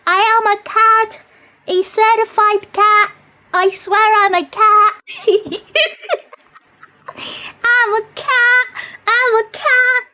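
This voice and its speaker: A woman's voice: very high-pitched, fairly even intonation, slow, long pauses, pushed and bright, pitched above the performer's own voice, full character voice. A woman voicing a playful cat character who keeps insisting she is a cat, in a silly, singsong, meowing way.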